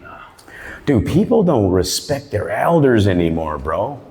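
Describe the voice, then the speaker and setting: A man's voice: lowish voice, very animated, unhurried, a little mellow. A man telling a stand-up story in a barbershop, rambling and profane. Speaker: stand-up comedian. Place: barbershop comedy show. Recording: long reverb of a live room.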